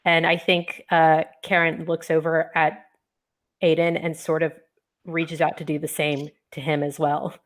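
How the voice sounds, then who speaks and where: Low-voiced woman describing her character. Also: completely flat delivery, unhurried. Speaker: player. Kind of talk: tabletop role-play narration.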